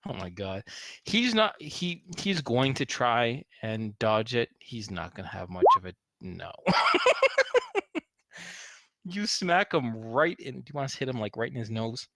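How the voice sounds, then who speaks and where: A man running a tabletop game as game master, narrating in an animated way with frequent laughter. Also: medium pitch, a little slow, no room sound.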